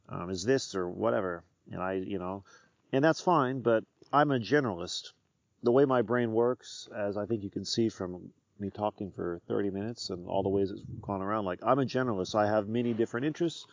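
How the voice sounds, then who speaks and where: A man's voice: lowish voice, a little mellow, no echo, muffled recording. A middle-aged man, a former teacher, hosting his podcast in a candid, rambling, jokey monologue outdoors on a hillside.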